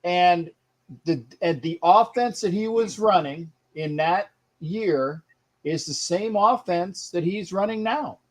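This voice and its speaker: A man co-hosting a casual football podcast, talking in a wry, deliberate way with jokey asides. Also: high-pitched. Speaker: podcast co-host and football analyst. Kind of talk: casual sports podcast chat.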